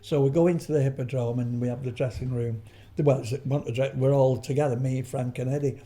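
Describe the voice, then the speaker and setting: An older man chats as an interview guest, his voice mellow and warm. He wanders through anecdotes, restarting sentences and adding asides as he goes. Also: mid-range voice, steady tone, a little fast. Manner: rambling storyteller, frequent restarts and trailing asides. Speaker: guest, veteran comedian.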